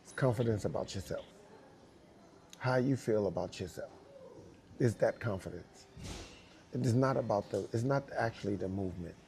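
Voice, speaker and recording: A man with a New York accent, speaking to young dancers and telling animated stories with repeated emphasis and acted-out quotes. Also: lowish voice, moderate pace, creaky, pauses often. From United States. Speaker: guest dancer speaking to students. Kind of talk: casual storytelling talk.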